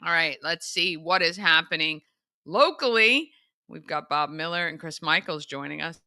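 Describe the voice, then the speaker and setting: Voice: mid-range voice, animated, moderate pace, heavy background noise. A morning show host, upbeat and brief, introducing guests in casual chat.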